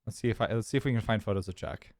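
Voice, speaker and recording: A man from California chats casually on his stream, rambling through a personal story as he clicks around. His voice sits on the low side, and the sound is close and dry with no room echo. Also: rapid-fire, darkish tone. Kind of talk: casual chat.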